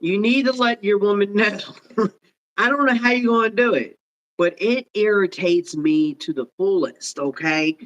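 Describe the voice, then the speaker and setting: A man's voice: high-pitched, normal speed, fairly bright tone, highs cut off. A man co-hosting a casual talk show, playful and openly emotional, speaking straight to the listeners. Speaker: podcast co-host. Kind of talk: casual chat.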